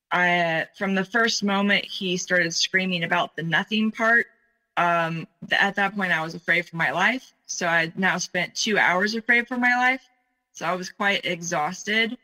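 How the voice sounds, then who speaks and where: A woman in her forties, a guest telling her own story in conversation, speaking in a halting, earnest way with many fillers. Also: fairly low pitch, sharp tone, rough recording. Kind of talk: personal account in conversation.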